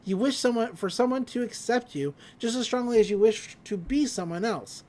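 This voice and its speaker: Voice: mid-range voice, lively intonation, moderate pace, dark tone. Laughing, loose-talking podcast host. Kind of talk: casual show recap.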